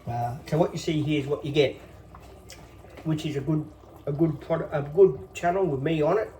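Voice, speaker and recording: A man's voice: on the high side, moderate pace, dark tone, distant mic, slight background noise. A man in his fifties hosting a casual phone vlog, rambling on with lots of fillers in a reassuring tone. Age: 50s. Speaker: channel host.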